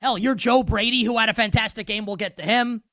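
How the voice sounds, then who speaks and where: A man hosting a sports betting show, ranting sarcastically through an animated monologue of game commentary. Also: sits high, fairly quick, dry recording, studio quality.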